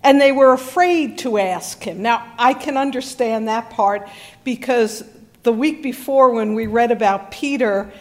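A woman's voice: a little high, measured pace. A woman pastor preaching a sermon in a conversational, storytelling way with wry humor.

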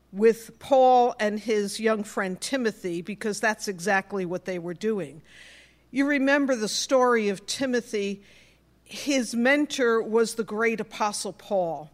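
A woman's voice: on the high side, unhurried. A woman pastor from New York, with a New York accent, preaching a sermon in a personal storytelling way.

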